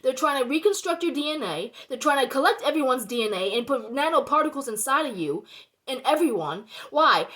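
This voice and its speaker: A woman ranting to camera in a heated, rambling way, dropping quiet and then growing loud and worked up. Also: high voice, lively intonation, brisk. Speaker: vlogger. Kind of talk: heated personal rant to camera.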